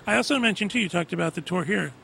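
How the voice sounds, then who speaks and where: A man hosting a podcast in a relaxed, chatty way, steering the conversation between guests. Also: high-pitched, racing, creaky, a little hiss or hum. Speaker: podcast host. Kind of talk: casual chat.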